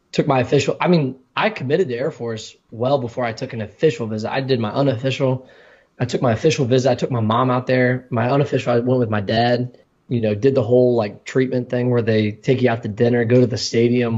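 A man's voice: medium pitch, fairly even intonation, brisk, a little mellow. Man, casual podcast storyteller, rambling with restarts, slightly dull lo-fi sound. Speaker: podcast co-host, former college football player.

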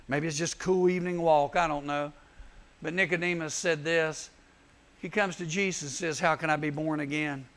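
Youth preacher, male, pitched high with a raspy fry, acts out scripture voices. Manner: animated storytelling, acts out Bible voices. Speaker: youth speaker. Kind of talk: youth sermon.

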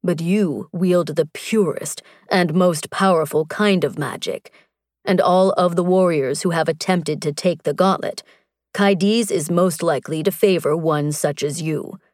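A woman voicing an earnest, tender barbarian warrior man, speaking slowly and gently. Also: on the low side, dry recording, studio quality, natural voice.

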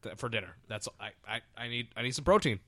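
A man's voice: mid-range voice, animated, fast talker, fairly bright tone, dry recording. A young man co-hosting a casual drinking podcast, rambling with emphatic, self-mocking asides. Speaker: podcast co-host.

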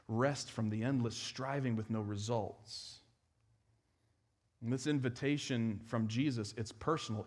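A man preaching a sermon in church, talking conversationally and swinging from emphatic, raised lines to quiet, hushed ones. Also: medium pitch. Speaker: pastor.

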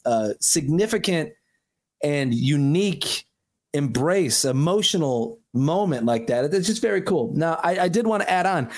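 Man co-host, slightly high voice, rambling and earnest, casual. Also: animated, moderate pace. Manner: rambling, lots of fillers and restarts, earnest. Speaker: podcast co-host. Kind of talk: casual chat.

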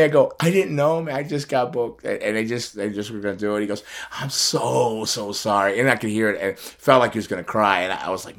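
A man's voice: lowish voice, expressive, fast talker, hardly any pauses, fairly bright tone. A middle-aged man telling a personal story in casual chat, acting out phone calls and laughing often. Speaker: podcast host telling a story.

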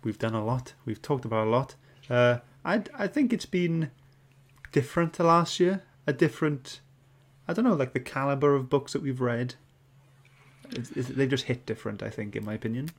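A man's voice: medium pitch, normal speed. Chatty male podcast host. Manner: chatty, reads out viewer comments. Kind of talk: casual podcast chat.

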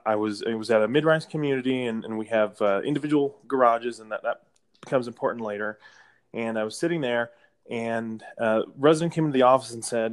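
A man's voice: mid-range voice, smooth. A man who works as a property manager, telling a rambling work story in a casual interview, with restarts and light laughter.

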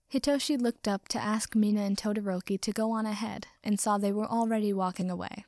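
A woman reading a story aloud with expressive narration. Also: medium pitch, fairly quick, no echo, clean studio sound. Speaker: audiobook reader. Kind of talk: reading fan fiction aloud.

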